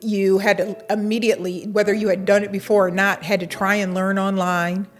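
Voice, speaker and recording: Animated woman telling a story. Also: medium pitch, brisk, faint music behind. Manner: animated storyteller acting out dialogue, laughing. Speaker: university administrator, interview guest. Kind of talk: storytelling interview.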